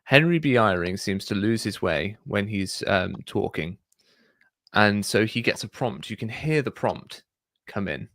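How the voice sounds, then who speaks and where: A man hosting a casual discussion, talking in a thoughtful, measured way with frequent fillers. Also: on the low side, expressive, a bit bright, dry recording, clean studio sound. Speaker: podcast host.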